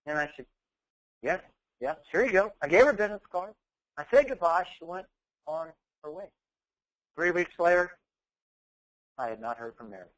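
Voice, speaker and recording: Man, motivational speaker, higher-pitched voice, emphatic storytelling. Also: animated, normal speed, pauses often, fairly bright tone, low-quality recording. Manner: storytelling with emphatic, rising quoted dialogue. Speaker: keynote speaker. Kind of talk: motivational speech.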